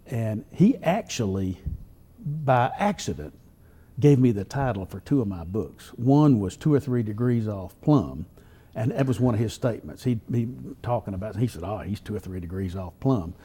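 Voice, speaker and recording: An older man, a columnist telling folksy stories in an interview at a drawn-out pace. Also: mid-range voice, expressive, warm tone, breathy edge. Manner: folksy, drawn-out storytelling with chuckles. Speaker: newspaper columnist and humorist. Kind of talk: storytelling interview answers.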